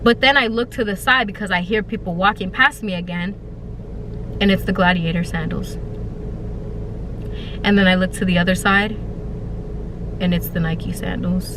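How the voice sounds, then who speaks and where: A young woman telling a storytime to her YouTube viewers, casual and profane, slipping into dramatic high-pitched wailing and mock sobbing. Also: expressive, a little slow, pauses often, noisy background. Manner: profane, slangy and conversational. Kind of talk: animated storytime vlog.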